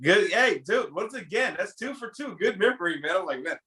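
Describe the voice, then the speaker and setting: A man casually telling a story from his youth to a friend, animated and acting out the lines he quotes. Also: sits high, a little fast. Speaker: podcast co-host telling a story.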